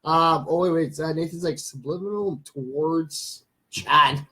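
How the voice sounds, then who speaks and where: A young man talks in a loose, rambling way while hosting a casual livestream. His voice sits a little higher than most men's, and he keeps breaking off to greet viewers and read their comments. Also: fairly even intonation, measured pace, sharp tone. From Canada. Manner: rambling, chatty, reads viewer comments aloud. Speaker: livestream host.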